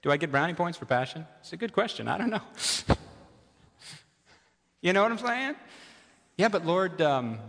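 A man's voice: high-pitched, sing-song, brisk, vocal fry, long pauses, a bit bright, long reverb tail. A male pastor preaching a sermon in a conversational way, repeating key phrases for emphasis and asking the audience questions.

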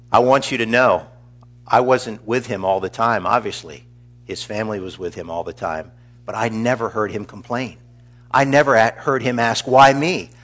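Middle-aged male pastor, low voice, earnest eulogy delivery. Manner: earnest, measured, warmly storytelling. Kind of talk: funeral eulogy.

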